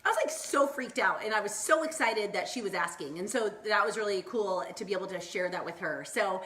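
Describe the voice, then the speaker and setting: A Southern California woman in her thirties, a wellness vlogger, chats on an upbeat motivational Facebook Live stream in a mid-range, slightly bright voice. She's animated and bubbly, talking a little fast with hardly any pauses, encouraging viewers, drifting into tangents and acting out quoted voices. Her phone or laptop mic picks up a roomy sound.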